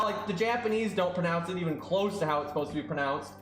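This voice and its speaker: A man's voice: sits high, quick pace, few pauses, fairly bright tone. A man streaming live, ranting in a casual, exasperated way and swearing freely. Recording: roomy sound with faint music.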